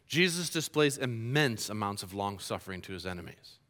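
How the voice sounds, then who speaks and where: A male pastor delivers his sermon with a bright, forceful tone. He slips into playful stories and humorous asides. His voice rings out with a long hall reverb. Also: fairly low pitch, brisk. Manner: lively storytelling with humorous asides.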